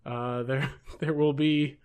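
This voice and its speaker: A man's voice: mid-range voice, fairly even intonation, slow, a little mellow, clean tone. A young man hosting a podcast in casual chat, talking in loose, rambling sentences and swearing often. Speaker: podcast host.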